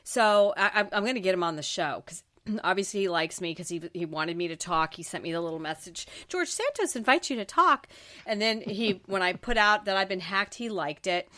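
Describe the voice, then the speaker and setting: A woman's voice: fairly low pitch, steady tone, fairly quick, a bit bright. Emphatic, exasperated middle-aged woman host. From Florida Panhandle, US. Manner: emphatic, exasperated ranting with frequent restarts. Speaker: talk show host. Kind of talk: political talk show chat.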